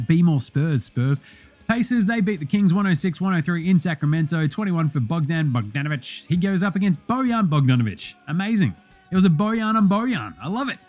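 A young Australian man hosting a sports podcast, rattling through results in a profane, excitable, joking way. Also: sits high. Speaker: podcast host.

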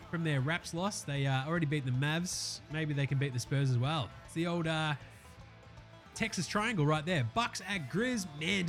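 A man's voice: fairly high pitch, fairly bright tone. A man with an Australian accent hosting a basketball podcast, casual and slangy, swearing freely. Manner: swears freely, laid-back slangy banter. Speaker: podcast host. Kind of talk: casual sports podcast chat.

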